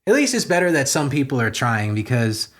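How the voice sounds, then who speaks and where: A man hosting a comedy podcast, reading news stories aloud and riffing on them with crude, sarcastic jokes and sudden loud outbursts. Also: mid-range voice, sing-song, a little fast.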